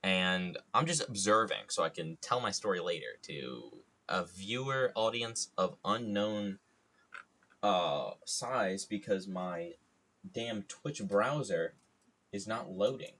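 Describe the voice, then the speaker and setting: Man, very low voice, rambling casual story, playful idioms, home stream. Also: animated, slow pace, bright, forceful tone, a little hiss or hum. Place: home studio.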